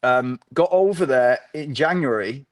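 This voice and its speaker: A man's voice: mid-range voice, measured pace, no room sound. Man, dry close sound. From North of England. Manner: rambling, with many restarts and fillers. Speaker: podcast guest, ultra runner. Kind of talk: casual interview chat.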